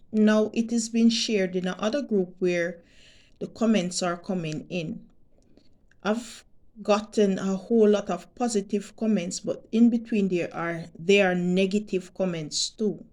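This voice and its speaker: A Jamaican woman vlogging to her subscribers, talking deliberately and emphatically and repeating her points. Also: medium pitch, a little mellow. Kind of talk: direct-to-camera monologue.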